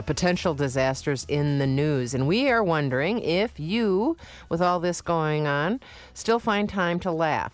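Woman radio host, low voice, steady announcing, dry studio sound. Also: dry recording. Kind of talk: public radio hosting.

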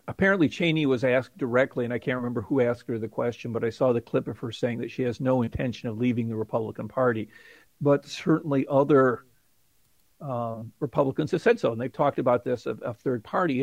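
A middle-aged man, a political science professor, giving measured commentary as a radio guest and thinking aloud with restarts. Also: mid-range voice, creaky, a little mellow, no room sound.

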